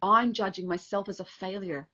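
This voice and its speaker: Middle-aged woman, dating coach guest; bright, forward voice; animated, emotional storytelling. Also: medium pitch, normal speed, dull audio. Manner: emotional, animated retelling with acted-out quotes. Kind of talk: casual interview storytelling.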